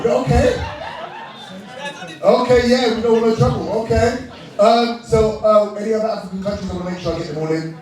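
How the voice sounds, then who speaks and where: A British man emceeing an awards night, joking and laughing with the crowd as he calls out to them. His voice sits a little high for a man. He is picked up on a handheld mic from some distance in a very echoey hall, with a lively crowd clearly audible behind him. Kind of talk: live crowd-work emcee banter. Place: large indoor event hall with a live crowd. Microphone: handheld microphone.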